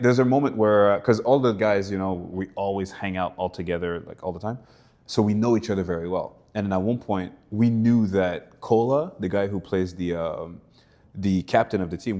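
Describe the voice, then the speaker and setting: Young canadian guy, lowish voice, lively storytelling, acts out what people said. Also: normal speed. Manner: animated storyteller, laughs, acts out quotes. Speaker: actor guest. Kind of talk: casual interview chat.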